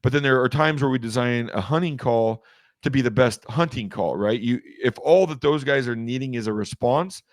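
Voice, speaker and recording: A man's voice: mid-range voice, moderate pace, no room sound, clean studio sound. A man speaking as an interview guest about designing game calls, rambling in a casual way with many restarts and fillers. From Washington state. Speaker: guest, game call maker.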